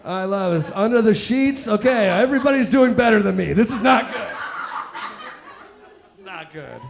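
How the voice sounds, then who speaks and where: A man doing stand-up comedy on a live stage, profane and rambling, working the crowd with bursts of shouting. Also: high voice, lively intonation, moderate pace, creaky.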